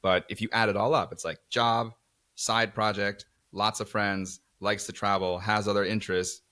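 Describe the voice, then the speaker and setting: Man, New York accent, podcast guest, lowish pitch, earnest and reflective, dry close sound. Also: level tone, moderate pace, sharp tone, dry recording. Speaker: podcast guest, dating event organizer. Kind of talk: casual interview chat.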